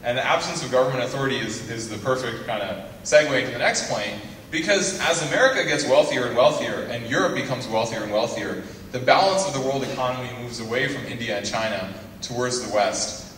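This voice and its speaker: This young man's voice sits on the low side with a fairly bright tone as he gives a joke-filled guest lecture to students, full of teasing remarks. The sound is echoey and distant, captured in a lecture hall with faint noise.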